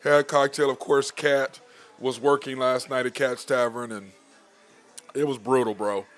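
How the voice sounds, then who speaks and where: A man's voice: medium pitch, steady tone, normal speed. A man hosting a casual sports podcast, loose and rambling, laughing as he tells stories. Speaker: podcast host. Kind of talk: casual sports show chat.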